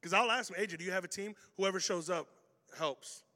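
Guy pastor preaching, high bright voice, acts out people in his stories, big echoey church hall. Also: fairly quick. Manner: animated storytelling, acting out quoted voices. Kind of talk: sermon. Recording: hall reverb.

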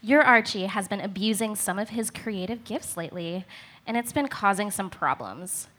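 A woman's voice: mid-range voice, moderate pace, fairly bright tone, natural voice. A woman reading the part of a mysterious, knowing teenage witch in a comedic table read, cool and matter-of-fact.

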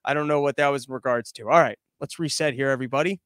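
A man hosting a live-streamed podcast, ranting loudly and sarcastically, a bit out of breath from pacing and yelling. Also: medium pitch, rapid-fire, smooth, no room sound, studio quality. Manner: sarcastic, loud, mocking. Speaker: podcast host.

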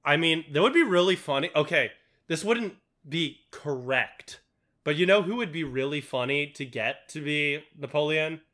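A man's voice: fairly high pitch, lively intonation, moderate pace, bright, forceful tone. A young man chatting casually about a movie, rambling with lots of fillers and swearing. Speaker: podcast co-host.

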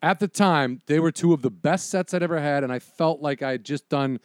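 A man's voice: fairly high pitch, fairly quick, dry recording, studio quality. A man talking with enthusiasm about comedy sets in a casual podcast chat. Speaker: comedian guest.

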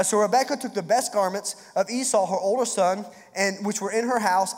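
A man's voice: sits high, long reverb tail. A man preaching a sermon in a casual, joking way, often repeating words as he goes. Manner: conversational, jokey, repeats words. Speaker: pastor.

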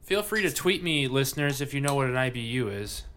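A man's voice: medium pitch, expressive, a little fast, fairly bright tone, slight background noise. A man hosting a casual podcast, chatting and joking loosely while tasting beer. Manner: rambling, swears, laughs a lot. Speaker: podcast host.

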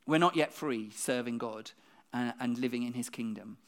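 A preacher delivers a conversational church sermon. They speak quickly, keep asking the congregation questions, and often repeat a word when restarting a thought. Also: medium pitch.

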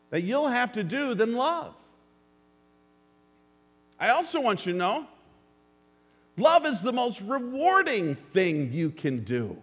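A pastor preaching a sermon to his congregation, earnest and plainspoken, with dry jokes and calls for an amen. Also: sits high. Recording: long hall reverb.

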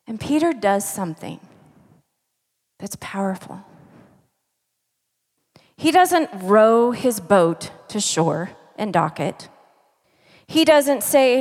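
A woman's voice: a little high, sing-song, slow, long pauses. A woman pastor preaching a sermon in an emphatic, conversational storytelling manner, heard in a reverberant church hall.

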